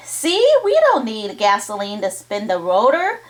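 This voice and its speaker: A woman's voice: medium pitch, sing-song, a little slow. A woman voicing an earnest, determined schoolboy inventor in a storybook reading.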